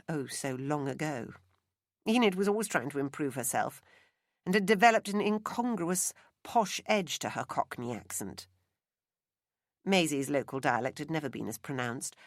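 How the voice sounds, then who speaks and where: A woman narrating an audiobook in a measured, expressive reading. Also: deep voice, no echo, studio quality. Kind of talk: scripted narration. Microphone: close studio mic.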